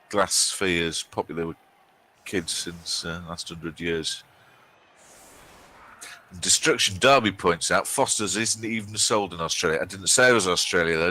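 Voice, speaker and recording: A man's voice: low voice, pushed and bright. A man, bantering and joking casually while streaming a game match, with many ums and restarts.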